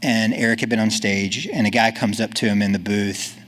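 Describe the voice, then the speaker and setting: A man's voice: lowish voice, steady tone, normal speed, a bit bright. A man giving a conference talk in an earnest, casual, encouraging way. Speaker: conference speaker.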